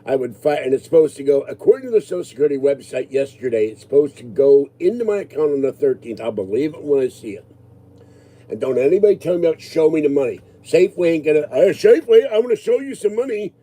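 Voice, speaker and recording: A man's voice: medium pitch, animated, fast talker, mellow. A man in his sixties ranting casually to his viewers, agitated and rambling. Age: 60s. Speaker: livestreamer answering viewers.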